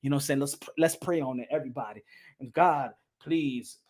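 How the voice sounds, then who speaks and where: A man voicing a preachy church pastor who speaks slowly and solemnly. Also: medium pitch, a little mellow, pitched below the performer's own voice, natural voice. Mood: preaching.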